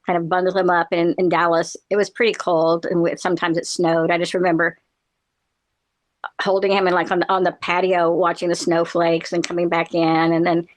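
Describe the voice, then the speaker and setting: A woman's voice: lowish voice, little pitch movement, a little fast. A middle-aged woman in casual chat, telling a long personal story in a rambling way, with many fillers and frequent laughs.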